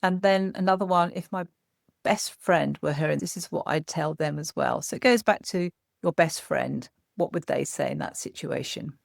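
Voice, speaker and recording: Woman therapist, slightly gravelly, dry close mic, gentle explainer. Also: low-pitched, normal speed, no echo. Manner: gentle, explanatory, frequent "as well". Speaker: psychotherapist guest. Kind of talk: podcast conversation giving practical tips.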